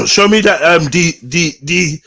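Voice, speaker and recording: A man's voice: a little high, sharp tone, no echo. A man on a live podcast call, arguing casually and insistently, repeating himself and swearing. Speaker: podcast panelist.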